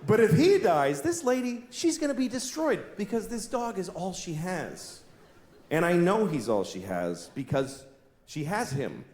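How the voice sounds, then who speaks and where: A man performing a stand-up comedy set, delivering blunt, profane deadpan observations. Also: high-pitched, unhurried. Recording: echoey live room with audience noise. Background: audience laughter.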